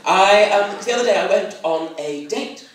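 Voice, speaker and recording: A man's voice: sits high, normal speed. A young man doing a stand-up comedy set, camp and self-deprecating in an arch manner. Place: comedy club stage before a live audience. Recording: echoey hall mic from far off, audience laughter. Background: crowd laughing.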